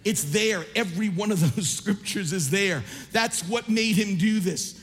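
A man preaching a sermon as pastor, impassioned and rising to shouts at times, then reading scripture more quietly. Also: high-pitched, measured pace, long reverb tail, soft background music.

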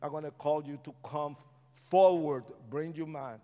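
A man preaches an altar-call sermon in a large church, his voice pitched a little high and ringing with resonance. He swings from shouted declarations to hushed, pleading lines. Each phrase trails into the long reverb of a big hall. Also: steady tone, normal speed.

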